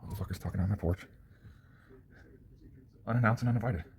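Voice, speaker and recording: A man ranting to the camera in a profane solo monologue, angry, swinging from low mutters to near-shouts. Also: a little fast, slight background noise.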